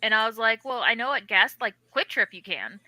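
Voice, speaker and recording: A woman with a Missouri accent co-hosting a casual livestream, telling animated stories and acting out quotes. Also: on the high side, brisk, poor audio. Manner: animated storyteller, acts out quotes. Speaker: co-host.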